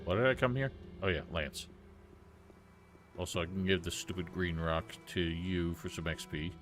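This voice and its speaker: A man streaming a game, giving casual, sarcastic commentary with sudden loud outbursts. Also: low voice, moderate pace, faint music behind.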